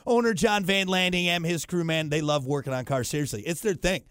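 A man's voice: on the high side, brisk, dry recording. A man hosting a morning radio show, telling stories with self-deprecating humor and reading ads. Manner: animated, self-deprecating storytelling with laughs. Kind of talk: morning radio banter and ad reads. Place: radio studio. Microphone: studio microphone.

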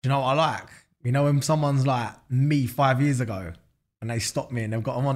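A man with a London accent chats loosely as an interview guest. His voice sits at an ordinary middle pitch, and his talk is packed with slang, fillers and swearing. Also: fast. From England. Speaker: guest, business founder. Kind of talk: casual interview chat.

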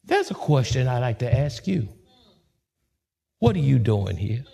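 A man as a pastor preaching a sermon, dramatic, swooping from soft to high. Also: very animated, unhurried, vocal fry.

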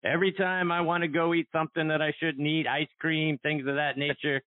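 A man's voice: fairly high pitch, little pitch movement, a little fast, no echo. Earnest male host on a tinny line. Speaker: podcast host. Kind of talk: interview. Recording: tinny phone-like, dry.

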